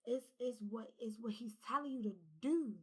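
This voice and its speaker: A woman talks through a spiritual reading in a loose, animated way. Her voice is husky and sits a bit high, and she often drops into a breathy whisper before rising again. She speaks casually and swears now and then. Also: normal speed, poor audio. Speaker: spiritual reader.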